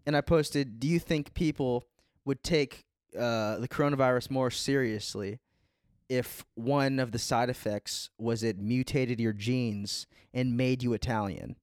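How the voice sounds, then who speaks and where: A man's voice: medium pitch, clean tone, no echo. Rambling young man, dry close mic. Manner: rambling, laid-back, full of "like" and "dude". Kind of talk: casual chat.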